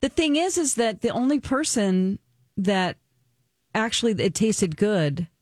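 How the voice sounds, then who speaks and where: A woman's voice: mid-range voice, expressive, measured pace, darkish tone, no echo, studio quality. Chatty female radio co-host. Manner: chatty, explains at length. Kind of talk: casual morning radio chat. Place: radio studio.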